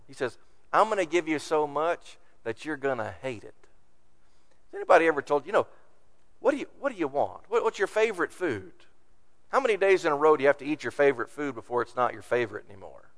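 A man's voice: medium pitch, gravelly, a bit bright. A man preaching a sermon, reading scripture aloud and acting out the complaints of the people. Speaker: pastor.

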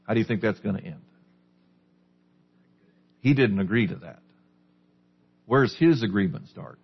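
A man's voice: fairly low pitch, expressive, a little slow, gravelly, husky. A man preaching a sermon, putting questions to the listeners and then answering them. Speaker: pastor. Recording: dull lo-fi recording.

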